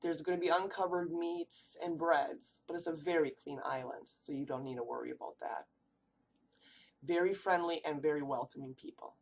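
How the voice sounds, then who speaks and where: A woman's voice: low voice, moderate pace, creaky, darkish tone, husky. A woman from the United States giving a read-aloud class presentation, asking rhetorical questions as she goes. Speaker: student presenter.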